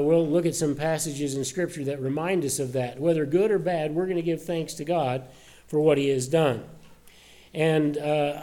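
A man preaching a sermon to his church, earnest and conversational, often pausing with uh and restarting his sentences. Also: on the high side, dark tone. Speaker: pastor. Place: church service.

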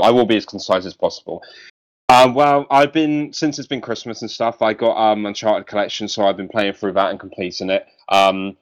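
A man's voice: lowish voice, highs cut off. A man hosting a casual podcast chat, talking with many ums and restarts. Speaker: podcast host.

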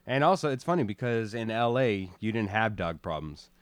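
A man's voice: on the low side, expressive, moderate pace, clean tone, dry recording. A young man co-hosting a podcast from his room, joking and teasing in casual talk. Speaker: podcast co-host.

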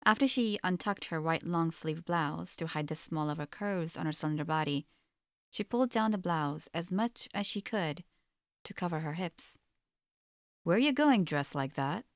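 A woman narrating a story in an audiobook, with a steady, measured reading. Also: low-pitched, no echo, clean studio sound.

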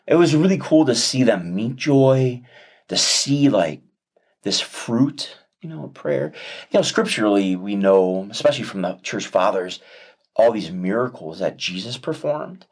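A man, a father and interview guest, telling a heartfelt personal story in an earnest, reflective way with many pauses and restarts. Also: medium pitch, animated, breathy edge.

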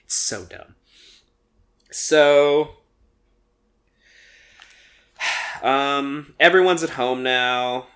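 A young man casually recapping a movie on a podcast, rambling with lots of fillers and quick acted-out quotes. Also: medium pitch, a bit bright. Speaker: podcast co-host.

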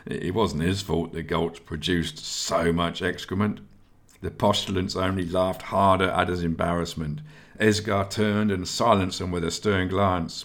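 A man giving scripted audiobook narration in a steady storytelling manner. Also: sits low.

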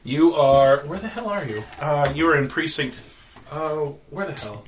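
A man's voice: a little high, animated, moderate pace, far from the mic, slight background noise. A man narrating as game master of a tabletop game, laid-back and chuckling. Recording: echoey room from afar.

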